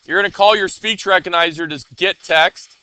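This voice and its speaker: A man's voice: sits high, normal speed, bright, forceful tone, slight background noise. A man teaching a classroom coding lesson, talking casually and often checking that his students are following.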